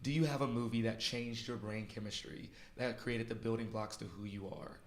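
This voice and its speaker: A man hosting a podcast interview, excitable and quick to laugh, chatting casually with his guests. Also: lowish voice. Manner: excitable, laughing, quick rapid-fire asides. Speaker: podcast host. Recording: roomy echo.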